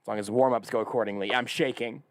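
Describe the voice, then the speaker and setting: A man's voice: medium pitch, steady tone, fast talker, dry recording, clean studio sound. A man hosting a sports radio show, joking in casual banter with mock exasperation. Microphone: studio microphone.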